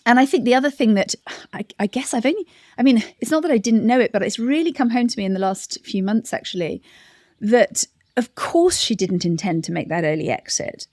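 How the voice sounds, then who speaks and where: A middle-aged woman giving a thoughtful interview answer, often restarting and laughing softly. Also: fairly high pitch, lively intonation, fairly quick, no echo, clean studio sound. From United Kingdom. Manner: reflective, many restarts and soft laughs. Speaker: interview guest, campaign director. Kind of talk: conversational interview.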